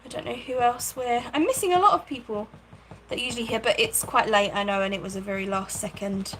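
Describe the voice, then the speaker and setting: A woman's voice: on the high side, quick pace, fairly bright tone, low-quality recording. A woman hosting a casual craft livestream from her home craft room, chatting, thinking aloud and thanking viewers by name. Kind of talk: casual live-stream chat while crafting.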